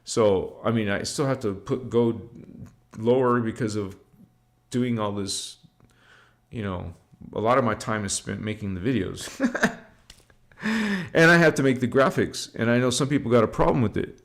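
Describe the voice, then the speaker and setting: Man chanting slow spiritual affirmations. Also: mid-range voice. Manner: loose and slangy, swears, drifts between chat and slow incantation. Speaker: spiritual livestream host.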